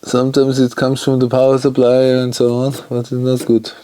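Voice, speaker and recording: A man talking himself through an electronics repair at his workbench, in halting English and muttering as he works. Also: mid-range voice, monotone, warm tone.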